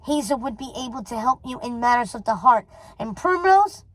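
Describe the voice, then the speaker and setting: A woman's voice: on the high side, expressive, normal speed, no echo, poor audio. A woman voicing a cold, possessive old witch mother who speaks with icy scorn, reading a storybook aloud. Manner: icy and scornful, then doting.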